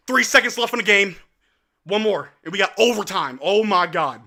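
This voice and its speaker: A man hosting a live stream watch-along, giving excitable play-by-play of the game with slang and calling out to his chat from an indoor room. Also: high voice, normal speed.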